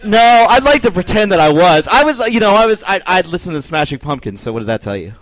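A man's voice: high-pitched, very animated, fast talker, fairly bright tone, no room sound. A man in his twenties, guest on a podcast recorded in a bar, joking and swearing in casual banter. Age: 20s. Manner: joking, swearing, self-deprecating.

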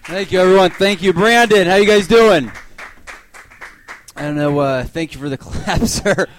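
A man's voice: high-pitched, moderate pace, a faint crowd, slight background noise. A man doing a stand-up set on a club stage, complaining in exasperated rants and acting out the people he mocks. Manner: exasperated rants with acted-out voices. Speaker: stand-up comedian.

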